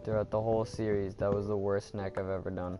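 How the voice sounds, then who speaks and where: A man's voice: lowish voice, little pitch movement, quick pace. A man giving casual commentary while playing a game, chatting to viewers and groaning at his own mistakes. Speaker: gaming video host. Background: background music.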